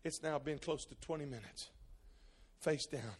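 A man preaching a sermon, telling a story and building into loud, impassioned preaching. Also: a little high, measured pace, breathy edge.

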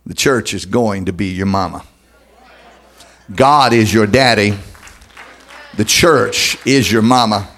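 A man preaching a sermon as pastor, emphatic and dramatic, speeding up and slowing down for effect. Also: mid-range voice, a bit bright.

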